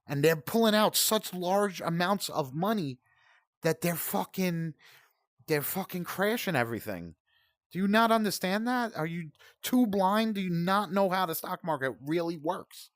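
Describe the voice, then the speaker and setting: Man, 40s, profane rambling rant, raised pitch, dry sound. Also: animated, measured pace, dry recording. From United States. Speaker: gaming channel host. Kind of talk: ranting commentary.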